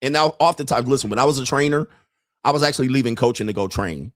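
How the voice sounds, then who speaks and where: A man's voice: medium pitch, fast talker, no room sound. Brash ranting man, very dry sound. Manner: brash, ranting, laughs often, mimics people. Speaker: podcast host. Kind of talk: profane livestream monologue.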